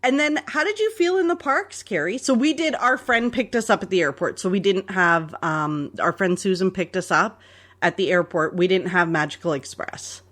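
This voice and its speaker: A woman's voice: mid-range voice, moderate pace. Storytelling woman podcast host. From Canada. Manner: animated storyteller, laughs often. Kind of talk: casual storytelling chat.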